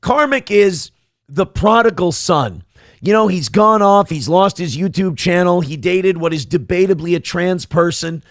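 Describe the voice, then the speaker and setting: Gravelly-voiced man hosting a livestream. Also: high voice, expressive, unhurried, dry recording, studio quality. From Minnesota. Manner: mocking, over-the-top corny impressions of critics. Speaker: livestream host. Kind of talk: casual livestream rant.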